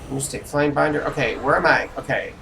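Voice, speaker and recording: A streamer giving live commentary on an online role-playing game, grumbling and talking to themselves with quick reactions. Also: mid-range voice, vocal fry, slight background noise.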